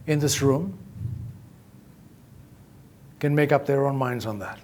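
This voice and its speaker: A man's voice: medium pitch, takes it slowly, long pauses, darkish tone. A man making an emphatic, accusatory statement at a press conference, repeating his key phrases. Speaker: inventor speaking at a press conference.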